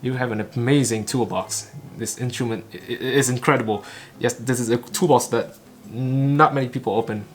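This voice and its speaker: A man repeating a spoken talk phrase by phrase, stumbling and restarting often as he practices English. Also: mid-range voice. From Vietnam. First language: Vietnamese. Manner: halting, clipped phrases with frequent stumbles and restarts. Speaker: English learner and channel host. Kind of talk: shadowing a recorded talk line by line.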